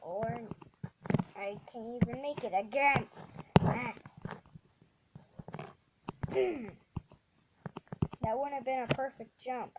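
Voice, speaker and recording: A woman giving casual gameplay commentary as a channel host, halting and restarting often, then bursting into excited exclamations. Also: fairly high pitch. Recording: dull lo-fi audio with steady background noise.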